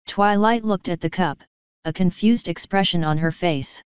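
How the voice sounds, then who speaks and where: A woman narrating a fanfiction story in a steady, even reading. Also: on the low side, normal speed, smooth, no echo. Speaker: fanfiction reader. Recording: dull lo-fi dry recording.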